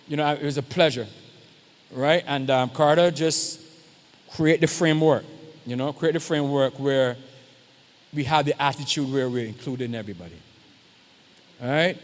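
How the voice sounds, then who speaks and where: Pastor, male, higher-pitched, chatty church talk that keeps checking in with the crowd, long hall echo. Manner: conversational, keeps checking in with the audience. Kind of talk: informal address at a church youth service.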